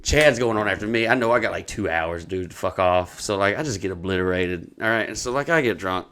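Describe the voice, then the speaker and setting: A man's voice: low voice, fairly quick, fairly bright tone, clear, resonant tone. A man telling a long, profane, rambling story in casual podcast talk. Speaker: comedian.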